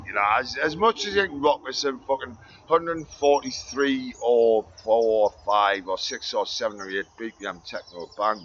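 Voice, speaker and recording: A man rambles through a profane monologue, muttering low and then ranting loud. The recording is dull and lo-fi. A faint hiss sits underneath.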